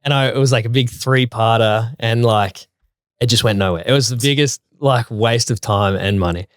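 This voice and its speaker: A man's voice: mid-range voice, normal speed, smooth, dry recording, studio quality. A man co-hosting a podcast in casual, rambling chat full of fillers. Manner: laid-back, rambling with fillers. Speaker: podcast co-host.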